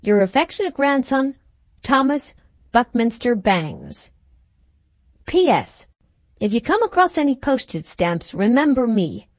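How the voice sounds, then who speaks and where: Storybook figure: a cheeky schoolboy, chirpy and bouncy, voiced by a woman narrator. Lively, lifting voice on every postscript. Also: a little high, measured pace, dry recording. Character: cheeky schoolboy writing to grandma.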